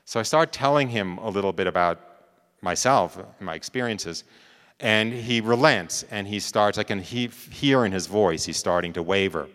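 In a large hall, a man with a fairly low, slightly bright voice tells a personal story at a moderate pace. He keeps it conversational, often checking in with listeners through "right?" and "you know".

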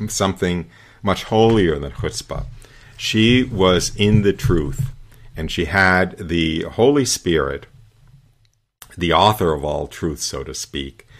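A very deep-voiced man hosts a radio show, reading a religious account aloud and stopping to comment on it. He is digressive and pauses often, with fillers between thoughts. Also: a bit bright.

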